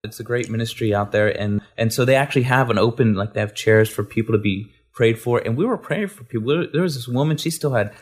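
A man, a guest, telling a faith testimony in an animated, storytelling way, repeating words and acting out the people he quotes. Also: medium pitch, fast talker, few pauses, breathy edge.

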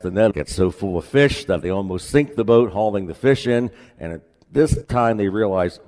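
A man pastor preaching a sermon in a relaxed, conversational way with folksy asides, in a church sanctuary. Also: on the low side, normal speed, long reverb tail.

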